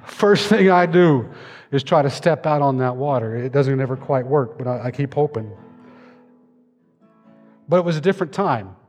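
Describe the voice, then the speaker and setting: A man preaching a sermon from a church stage, telling a story with dramatic flair. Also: fairly high pitch. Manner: dramatic storytelling, acting out voices. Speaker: pastor. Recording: long hall reverb.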